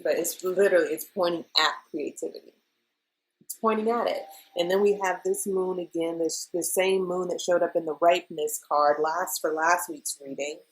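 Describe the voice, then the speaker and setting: A woman in her thirties talks through a tarot reading in a loose, chatty way. She gets openly emotional and keeps calling to her viewers as "y'all." Her voice sits a little low. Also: fairly even intonation, normal speed, poor audio. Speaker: tarot reader. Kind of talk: casual weekly tarot reading.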